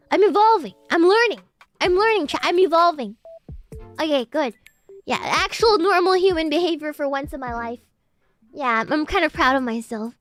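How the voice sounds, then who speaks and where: High-pitched woman streamer with prim, posh diction, chatty and giggly, soft music bed behind her. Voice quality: formerly very nasal, now loosened. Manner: self-described posh, slightly uppity-sounding English; giggly, reads chat messages aloud and thanks viewers. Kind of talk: casual chat with live chat.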